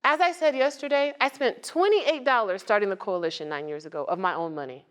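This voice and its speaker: A woman's voice: mid-range voice, fairly quick, clean tone. A woman giving a motivational talk to a live audience as a nonprofit founder, conversational and joking, often asking the crowd questions. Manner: lively, conversational, asks the audience questions and jokes.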